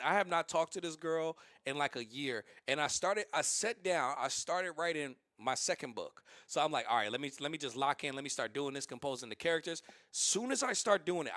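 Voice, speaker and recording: A man streaming and telling stories in a casual, rambling, animated way, with many restarts. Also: fairly high pitch, no echo, studio quality. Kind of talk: casual livestream storytelling.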